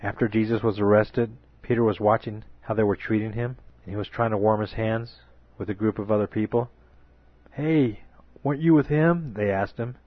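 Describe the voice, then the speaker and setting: A man's voice: lowish voice, level tone, brisk, no room sound. A man preaching a sermon, often calling his listeners "folks" and building to emphatic peaks. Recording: dull lo-fi recording with faint music.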